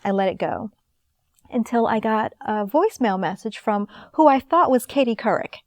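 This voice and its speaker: A woman in her thirties, an actress guest in an interview, telling stories in a lively, animated way. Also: a little high, normal speed, dry recording. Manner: lively, animated storyteller, laughs often. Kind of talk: casual storytelling in an interview.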